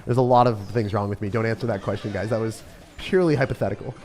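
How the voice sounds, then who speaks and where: A man's voice: on the low side, fairly even intonation, fast talker, a little mellow, a little hiss or hum. A young man chatting casually on a livestream, commenting on his game and answering questions from chat in a self-deprecating way. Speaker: streamer.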